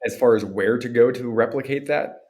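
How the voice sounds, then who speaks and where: A man from Pennsylvania with an American accent, a podcast guest telling stories in a relaxed way and acting out quotes. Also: medium pitch, fairly quick. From Pennsylvania, USA. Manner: relaxed storytelling with acted-out quotes. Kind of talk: casual conversational interview.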